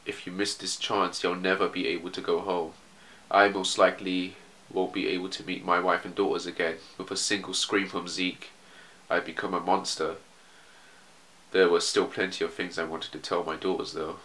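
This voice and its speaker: A man's voice: low voice, little pitch movement, moderate pace, a bit bright, poor audio. A man playing a weary, resigned commander.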